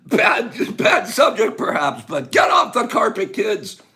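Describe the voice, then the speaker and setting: A man's voice: high-pitched, slow pace. A man hosting a casual live stream with a scratchy voice, greeting viewers, joking and breaking into laughter. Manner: animated, bursts of laughter and loud exclamations.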